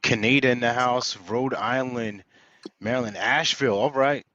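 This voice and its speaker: A man hosting an online session, playful and energetic, reading out audience shout-outs and introducing a guest speaker. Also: mid-range voice, normal speed. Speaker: webinar host. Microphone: video call. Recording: dull lo-fi video call audio.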